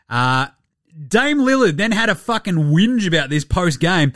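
A man's voice: on the high side, sing-song, normal speed, fairly bright tone, dry recording, clean studio sound. An Australian man hosting a podcast, giving casual, sweary, mocking banter. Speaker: podcast host. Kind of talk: casual sports commentary.

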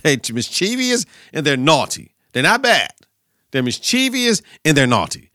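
A young man hosts his own podcast solo, chatting about sports and coaching in a loose, slangy, profane way. His voice is bright and forceful. The sound is close and dry, with no room around it. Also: fairly high pitch, normal speed, no echo. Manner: profane, slangy, animated riffing. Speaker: podcast host, teacher and coach.

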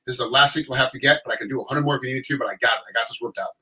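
A middle-aged man telling stories in casual chat, animated and acting out quotes in other voices. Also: mid-range voice, racing, rough recording.

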